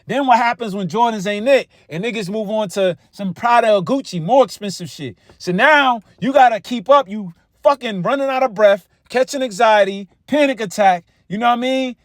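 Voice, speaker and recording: High-voiced profane street preacher. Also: male voice, moderate pace, few pauses, dry recording, studio quality. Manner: profane, repetitive, conversational. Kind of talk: street-style Bible teaching.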